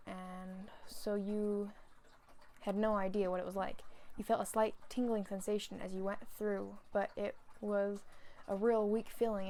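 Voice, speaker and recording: A woman who chats in a rambling way and laughs often, sounding out of breath, before reading a fan story aloud. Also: mid-range voice. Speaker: fanfiction reader. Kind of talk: casual chat, then reading a story aloud.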